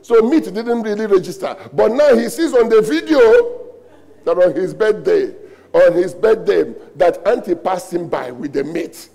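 Pastor, Nigerian-accented man, high voice with a gravelly edge; emphatic sermon delivery, lots of repetition. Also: animated, measured pace, dark tone. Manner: emphatic preaching with rhetorical questions and repetition.

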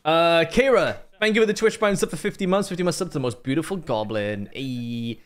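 A man's voice: on the high side, brisk. A man hosting a casual gaming stream, bantering with friends and reading out donations. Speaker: streamer host.

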